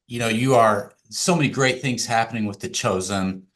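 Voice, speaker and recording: A man's voice: medium pitch, normal speed, a bit bright. A man hosting a podcast interview, friendly and affirming as he asks his guest questions. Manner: friendly, affirming, with short backchannels. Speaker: podcast host.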